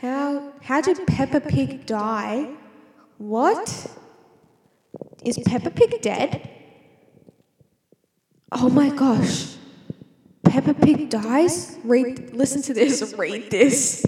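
A woman's voice: high-pitched, lively intonation, extremely slow, pauses often, dark tone, a little hiss or hum. A woman, a student, talking to herself in a playful, rambling monologue that keeps interrupting itself. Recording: echoey room with long reverb.

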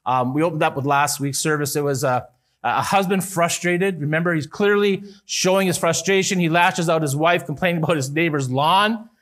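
A man with a notably high-pitched voice delivers a church sermon. He talks earnestly, pushing up for emphasis and dropping quiet at the ends of points. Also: normal speed. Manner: earnest, rises and falls with emphasis, some restarts. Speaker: pastor.

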